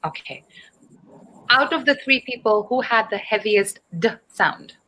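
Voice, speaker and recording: Woman, from Dubai, English teacher, online speaking lesson, bright voice, patient, encouraging. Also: on the high side, lively intonation, a little slow, rough recording. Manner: patient, encouraging, spells out words and asks students questions.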